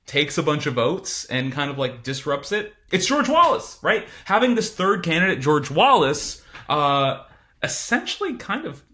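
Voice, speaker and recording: Male teacher, bright voice, chatty informal lecture, screen-recorded. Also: a little high, sing-song, measured pace. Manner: chatty, informal, many fillers and asides. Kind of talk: casual classroom lecture.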